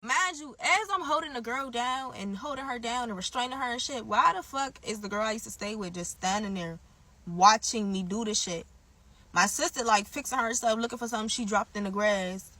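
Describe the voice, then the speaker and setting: A young woman tells a story casually and with lots of energy. Her voice sits high and sounds bright and sharp. She cusses freely and swings between loud outbursts and muttered asides. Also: fairly quick. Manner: animated, profane, swinging between loud bursts and low asides. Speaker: storyteller in a clip.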